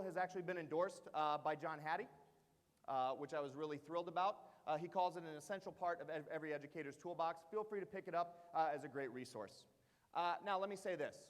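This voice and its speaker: High-voiced man telling a story in a hall. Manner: animated, frequent "uh" fillers, asks the audience questions. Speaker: keynote speaker at teacher training. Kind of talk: storytelling presentation. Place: large hall before an audience. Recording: long hall reverb.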